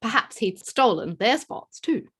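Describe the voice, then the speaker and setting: A woman reads a story in a storyteller's voice. Her pitch rises and falls in a lively way, and she gives quoted lines small shifts of voice. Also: measured pace, breathy edge. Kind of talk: scripted narration.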